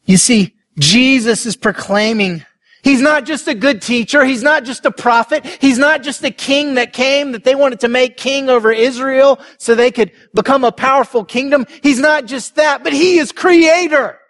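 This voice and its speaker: A man preaching a sermon as a pastor, earnest and building to emphatic shouts. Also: extremely high pitch, normal speed.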